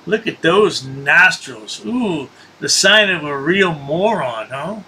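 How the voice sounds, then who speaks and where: A man's voice: a little high, lively intonation, takes it slowly, noisy background. A man hosting a commentary channel, taunting the person in the clips with sarcastic remarks. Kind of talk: mocking commentary over clips.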